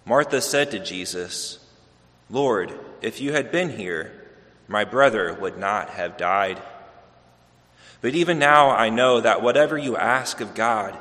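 Solemn low-voiced man reading scripture. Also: expressive, slow pace, a bit bright. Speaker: gospel reader at a church service. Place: church. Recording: long church reverb.

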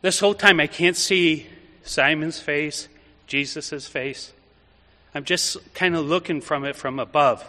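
Bright-voiced priest in echoing church. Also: male voice, a little high, unhurried. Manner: vivid storytelling turning quiet and reflective. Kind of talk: homily. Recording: echoey church reverb.

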